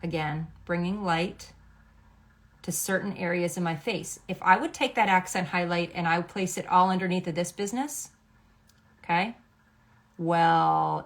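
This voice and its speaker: A woman's voice: on the low side, a bit bright. A middle-aged woman, a makeup artist, explaining a makeup routine step by step in a chatty, instructive way, often checking in with "okay?". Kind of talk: makeup tutorial.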